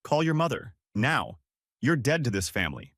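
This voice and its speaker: A man's voice: mid-range voice, sing-song, moderate pace, a bit bright, dry recording, studio quality, pitched above the performer's own voice. A man voicing a stern, curt father who is barely holding back his anger.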